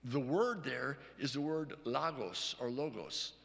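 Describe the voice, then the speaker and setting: A man preaching a sermon as pastor, teaching verse by verse, often checking in with "okay?" and reading scripture slowly. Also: mid-range voice, lively intonation, creaky, fairly bright tone, long reverb tail. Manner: reads scripture aloud slowly.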